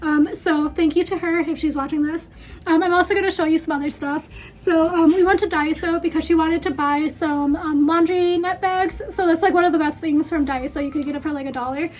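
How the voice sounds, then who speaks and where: A woman's voice: very high-pitched, steady tone, a little fast. A woman chatting casually through a haul video at home, rambling with lots of fillers and a bit out of breath. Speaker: beauty vlogger.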